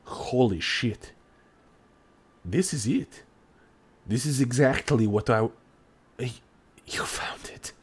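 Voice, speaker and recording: A man's voice: mid-range voice, slow pace, long pauses, breathy edge. A man voicing a grateful male craftsman in a tabletop game who is choked up and tearful, stumbling over his words. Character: grateful male craftsman NPC, emotional, formal.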